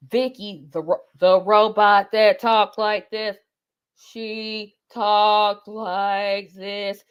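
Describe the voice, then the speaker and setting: A talkative woman with a light lilt rambles through a casual solo chat. She often stops to correct herself and fills gaps with drawn-out ums. Her voice sits at an ordinary middle pitch. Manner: chatty, meandering, lots of ums and self-corrections. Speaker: host. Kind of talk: casual nostalgic monologue.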